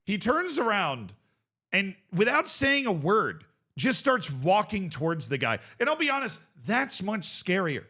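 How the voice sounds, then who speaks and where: A young man hosts a casual reaction show and talks in a bright, forceful voice that sits a little high. He rambles in an animated way, swears freely and breaks into laughter. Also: normal speed. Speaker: host. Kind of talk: casual commentary reacting to a video.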